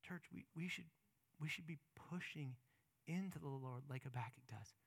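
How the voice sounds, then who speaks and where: A male pastor delivers a sermon in a notably high voice, pressing his points with impassioned emphasis and then easing into calmer reflection. The sound is dry and close, with no room echo. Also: moderate pace, creaky, slightly rough. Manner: impassioned, emphatic preaching that swings between loud and soft.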